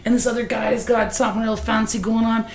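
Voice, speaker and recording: A woman's voice: fairly high pitch, flat delivery, fast talker, echoey room. A woman guest on a podcast, telling stories in casual chat, swearing freely and laughing as she talks.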